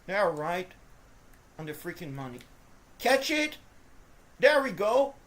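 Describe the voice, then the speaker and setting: A woman commentating her own video game play, swinging between frustrated groans and shouted cheers, talking to the players and to her viewers. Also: fairly low pitch, very animated, a little slow. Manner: talks to the players and to viewers as folks. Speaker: gaming video host. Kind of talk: live gameplay commentary.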